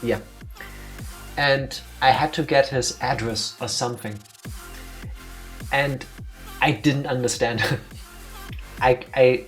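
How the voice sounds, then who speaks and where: Animated man telling a story on stream. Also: mid-range voice, a little slow, long pauses, faint music behind. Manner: animated anecdote teller, acts out voices. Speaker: let's play streamer.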